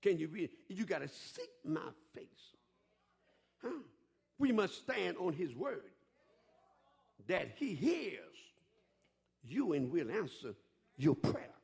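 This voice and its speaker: A man preaching a fervent sermon, rising to shouts and chuckling between lines. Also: on the high side, sing-song, slow pace, creaky, long pauses, husky. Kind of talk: call-and-response sermon.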